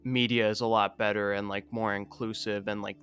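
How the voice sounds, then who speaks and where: A man's voice: on the low side, level tone, a little fast, a bit bright, faint music behind. A young man co-hosting a casual podcast chat, talking loosely with lots of "like" and casual swearing. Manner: casual, swears freely, peppered with "like". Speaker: podcast co-host.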